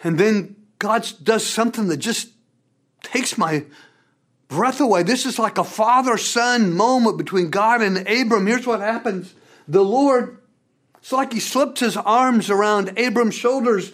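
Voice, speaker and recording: A pastor preaching a sermon in an animated way, with big swings in pitch and repeated words. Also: a little slow.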